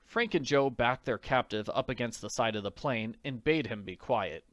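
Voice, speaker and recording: A man reading an audiobook in an expressive narrating voice. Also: medium pitch, moderate pace, no echo, clean studio sound. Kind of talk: scripted narration.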